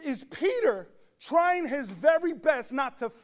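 A man pastor delivering a humorous storytelling sermon to his congregation, animated with joking asides and bursts of shouting. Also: very high-pitched, takes it slowly. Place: church service before a congregation.

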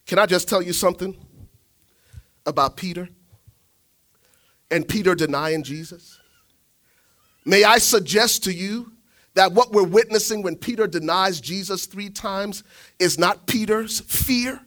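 A man preaching a sermon, telling the story dramatically, swinging from shouts to hushed asides. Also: high-pitched, expressive, a little slow, pauses often.

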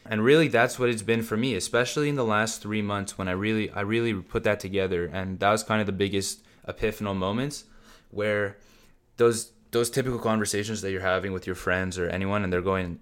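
A man hosting a solo motivational podcast, talking bluntly and casually to his listeners and swearing freely. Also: lowish voice. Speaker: podcast host.

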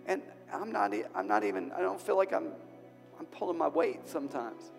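A middle-aged man preaching a sermon as pastor, earnest and emotional, swinging from loud to soft and restarting his phrases. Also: a little high, sing-song, a little fast, vocal fry. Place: church hall. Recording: church hall with long reverb and music.

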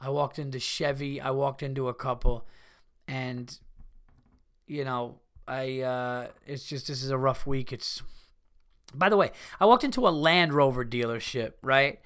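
A man hosting a casual solo podcast, ranting in a profane, animated way. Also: mid-range voice, measured pace, clean tone. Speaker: podcast host.

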